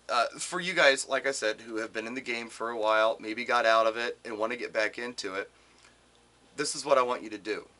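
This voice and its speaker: A middle-aged man from Wisconsin, a DJ giving casual advice to other DJs and acting out callers in changing voices. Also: mid-range voice. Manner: animated, acts out quoted callers in shifting voices.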